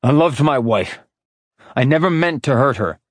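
A man's voice: mid-range voice, lively intonation, moderate pace, no room sound, clean studio sound, pitched above the performer's own voice, natural voice. A man voicing a furious, grieving immortal man who snarls his lines. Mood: angry. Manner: snarling, sharp, raised.

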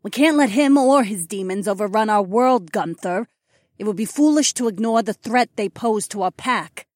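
A man reading an audiobook, voicing a resolute young woman, the wife of a pack alpha, in a calm, firm and decisive manner. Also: high voice, moderate pace, dry recording, clean studio sound, pitched above the performer's own voice, lightly acted. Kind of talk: audiobook character voice.

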